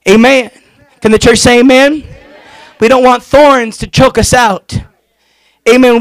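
A man pastor preaching a fervent sermon in a very high voice, calling on the congregation to answer him. He stretches out key phrases and breaks into shouts at the peaks. His voice is close and dry, with no room sound. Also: dry recording, rough recording. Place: church.

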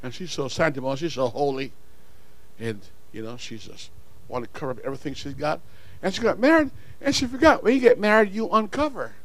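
A man preaching a sermon, swinging from quiet, low asides to shouted calls to the congregation. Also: lively intonation, fairly quick. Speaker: pastor.

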